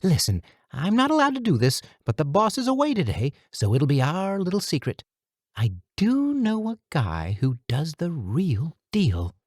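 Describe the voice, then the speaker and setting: A man voicing a meek, polite character who talks on the phone in a high, nasal voice. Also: huge pitch swings, dry recording, clean studio sound. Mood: conspiratorial. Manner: fast, eager, high-pitched customer-service voice. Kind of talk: audiobook character voice.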